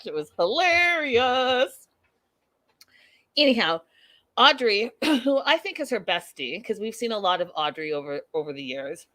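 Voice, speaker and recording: A woman's voice: on the high side, big pitch swings, unhurried, bright, forceful tone, dry recording. Chatty woman hosting a live recap. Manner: chatty, amused, talks to viewers directly. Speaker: recap show host.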